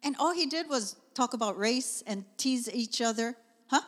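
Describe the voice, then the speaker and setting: A middle-aged woman preaches to her congregation, talking in an easy, animated way with personal asides. Her voice sits a little high. The sound rings out with the long reverb of a church hall. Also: moderate pace. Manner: conversational, animated storytelling with asides. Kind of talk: sermon.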